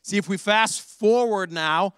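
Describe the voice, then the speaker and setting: A young pastor delivers a casual sermon in a high, clean-toned voice, taking his time. He tells a story animatedly, full of slang, and acts out the dialogue in different voices. There's no echo.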